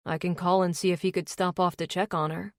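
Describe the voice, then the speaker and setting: Woman voicing a calm easygoing biker man. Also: lowish voice, brisk, no echo, clean studio sound, natural voice.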